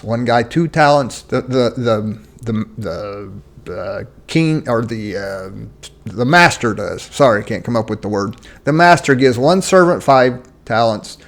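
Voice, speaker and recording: A man giving a casual solo talk on faith and money, speaking conversationally with occasional restarts as he searches for words. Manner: conversational, acts out quoted voices with rising pitch. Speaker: Christian finance teacher.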